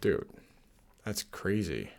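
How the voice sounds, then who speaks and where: Man, podcast host; very low, gravelly, animated delivery, teasing banter. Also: takes it slowly. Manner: laughs often, teasing. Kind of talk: casual podcast chat.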